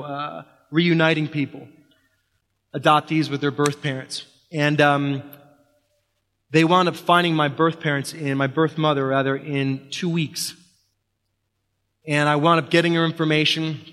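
On a stage, a man with a fairly high-pitched, somewhat bright voice tells a personal story, his words carrying the long reverb of a hall. He often halts and starts over, using repetition to build tension.

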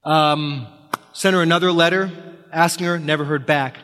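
A man telling a personal story from a stage, halting and restarting, building tension through repetition. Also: on the high side, fairly even intonation, fairly bright tone, clean tone. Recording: long reverb of a hall.

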